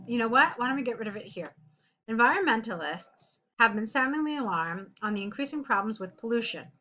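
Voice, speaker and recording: A woman tutor talks through a student's essay, reading lines aloud and stopping to correct them in a chatty, direct way. Her voice is bright and sits a little high. The audio is somewhat muffled and lo-fi. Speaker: English tutor.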